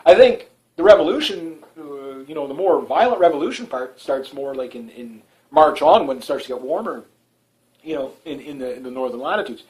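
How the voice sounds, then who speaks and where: A man from Canada hosts a one-man talk show and delivers a loose political commentary monologue. He rambles, restarts his sentences and fills them with "uh" and "you know", and often chuckles at his own remarks. His speaking voice sits somewhat higher than most men's. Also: lively intonation, fairly quick, darkish tone, poor audio. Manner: rambling, many fillers and restarts, frequent chuckles.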